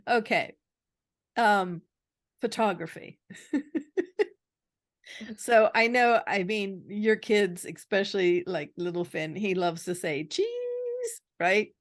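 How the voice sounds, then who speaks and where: A woman co-host in a relaxed podcast chat, speaking slowly and at ease. She quizzes her partner with odd trivia and breaks into laughter often. Her voice is recorded close and dry, with no room sound. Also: medium pitch, dry recording. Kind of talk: casual chat.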